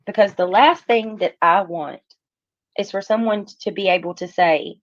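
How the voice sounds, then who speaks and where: A woman in a muffled, lo-fi stream clip with a dead-dry sound, mid-pitched. She talks earnestly and haltingly, restarting her sentences as she explains herself. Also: no echo. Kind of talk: livestream talk.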